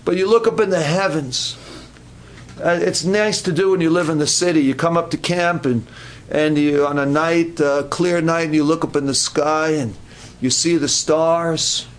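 A man's voice: on the high side, steady tone, normal speed. A man preaching a sermon at a camp meeting, earnest and given to repeating his words.

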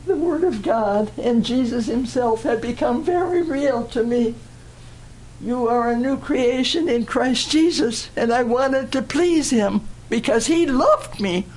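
Older woman, slow earnest testimony. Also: a little high, darkish tone, breathy edge, rough recording. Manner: slow, deliberate, earnest storytelling. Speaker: church speaker giving testimony. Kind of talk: personal testimony in church.

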